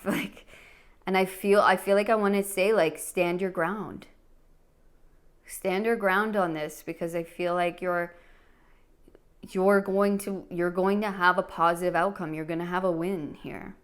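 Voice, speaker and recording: Soft-spoken, earnest woman reading tarot. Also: fairly low pitch, fairly even intonation, unhurried. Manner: earnest, emotional, many fillers and restarts. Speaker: tarot reader. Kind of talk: pick-a-card tarot reading.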